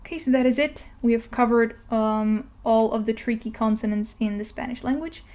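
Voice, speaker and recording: A woman's voice: a little high, moderate pace, mellow. A woman teaching a pronunciation lesson, explaining patiently step by step and often checking in with "okay?". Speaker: language teacher. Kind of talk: narrated language lesson.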